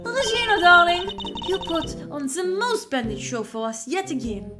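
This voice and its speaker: A fawning warden lady, high-pitched and swooping wildly through each sugary line, as a streamer puts her on. She gushes with theatrical warmth. Loud game music plays under her. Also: expressive, normal speed. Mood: doting. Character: gushing, fawning middle-aged woman prison warden.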